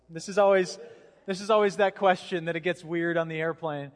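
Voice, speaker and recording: A man's voice: high voice, a little fast. A man in his thirties preaching a sermon in a church, casual and chatty, acting out voices as he tells a story. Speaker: pastor. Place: church hall. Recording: reverberant church hall.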